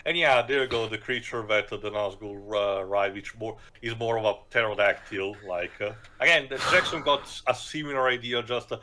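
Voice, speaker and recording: A man giving casual film commentary, explaining details with many fillers and halting restarts. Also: mid-range voice, pushed and bright, slight background noise, poor audio. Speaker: podcast co-host.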